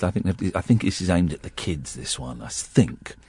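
A man's voice: low-pitched, expressive, normal speed, a little mellow, slightly rough, no room sound. A man hosting a radio show, chatting casually on air in a rambling way with plenty of restarts.

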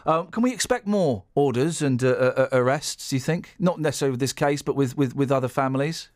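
A man hosting a casual radio show, joking and excitable, quick to exclaim in a studio. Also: mid-range voice, no room sound. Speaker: radio host. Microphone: studio microphone.

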